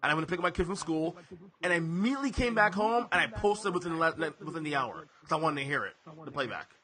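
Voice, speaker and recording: A man's voice: a little high, expressive, fast talker, a crowd in the background. A man in his thirties hosting a podcast in casual chat, often stammering and repeating words and laughing easily. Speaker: podcast host.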